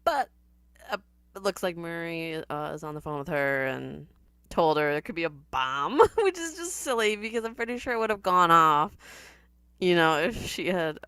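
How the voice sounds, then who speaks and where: A woman giving casual, sardonic reaction commentary on a TV episode, chatty and quick to laugh. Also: low voice, lively intonation, bright, forceful tone, smooth, no echo, clean studio sound.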